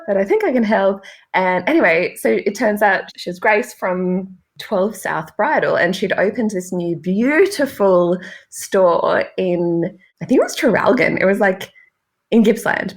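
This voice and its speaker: Bubbly young Australian woman, lively pitch. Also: gravelly. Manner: bubbly, laughs often, acts out quoted dialogue. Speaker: podcast guest. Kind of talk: casual chat.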